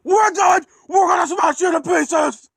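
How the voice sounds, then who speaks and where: Vengeful male trucks yelling high and wild, as a man puts them on. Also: big pitch swings, normal speed, no echo, clean studio sound, heavily acted. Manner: menacing shouts.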